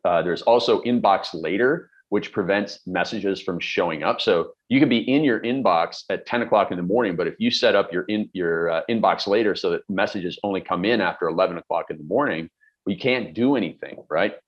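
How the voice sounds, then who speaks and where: Blunt low-voiced coach. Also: male voice, fairly quick, dull audio. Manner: blunt, emphatic, lecturing with everyday examples. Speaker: productivity coach. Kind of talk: direct-to-camera advice talk.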